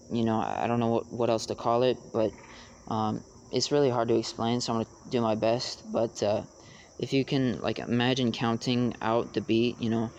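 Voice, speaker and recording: A young man explaining rap rhyme schemes in a casual tutorial, halting with many fillers. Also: mid-range voice, a little mellow, muffled recording, a little hiss or hum. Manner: halting, many fillers, raps lines to demonstrate.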